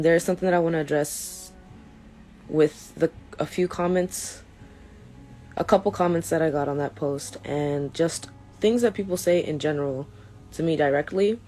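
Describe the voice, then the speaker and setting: With a deep, mellow voice at a moderate pace, a young vlogger reads a prepared statement to her followers, earnest yet a bit hesitant and frequently restarting sentences. A slight hiss or hum sits under the recording.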